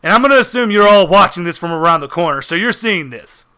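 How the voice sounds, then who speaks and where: A man's voice: high voice, lively intonation, quick pace, bright, forceful tone, smooth. A man narrating a tabletop horror game as game master, with dramatic descriptions and frequent laughter.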